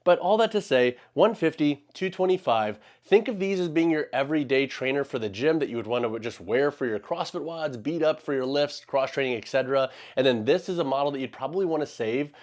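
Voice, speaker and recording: A man's voice: mid-range voice, a little fast, few pauses. A man giving a casual, conversational shoe review, full of "like" and "all that to say". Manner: lively and conversational, leans on "like" and "all that to say".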